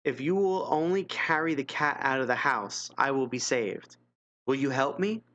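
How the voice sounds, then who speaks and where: A man's voice: medium pitch, expressive, moderate pace, fairly bright tone, highs cut off, natural voice. A man reading aloud the lines of a frightened young maid trapped by a curse, pleading for help in read-aloud gamebook dialogue. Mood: desperate. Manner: pleading, desperate.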